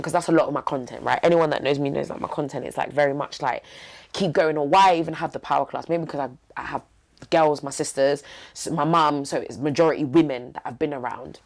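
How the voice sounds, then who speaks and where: Young woman, low voice with lots of fry, talking straight from the heart, bit of slang. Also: a little fast, a little mellow. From East London. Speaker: podcast guest. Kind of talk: candid interview talk.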